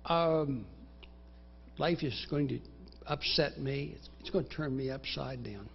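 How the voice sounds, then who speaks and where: Slow, gravelly-voiced preacher. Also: male voice, medium pitch, highs cut off, slight background noise. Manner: dramatic, acts out inner voices in first person; recites scripture in slow, measured phrases. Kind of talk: sermon. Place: church sanctuary.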